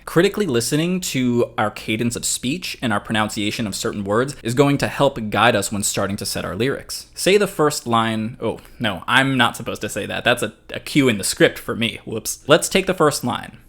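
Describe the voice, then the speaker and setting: A man giving a chatty, explanatory music lesson. He talks at a middle pitch, walking through each point plainly and dropping in joking asides. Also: expressive, normal speed, few pauses, a bit bright. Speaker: music teacher. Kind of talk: casual online music lesson.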